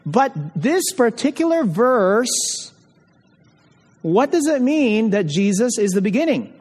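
A man's voice: extremely high pitch, sing-song, takes it slowly, a little mellow, slightly rough. A man preaching an expository sermon, emphatic, repeating key phrases and putting questions to the congregation. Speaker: pastor. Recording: long hall reverb.

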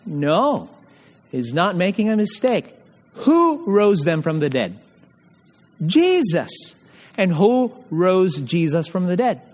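Male preacher, high voice, slow and emphatic, rhetorical questions, sermon in a reverberant hall. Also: sing-song.

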